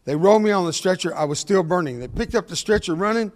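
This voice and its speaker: Older male motivational speaker, slightly high voice, fast and jokey storyteller. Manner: animated, jokey, laughs at his own punchlines; talks fast. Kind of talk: humorous storytelling talk.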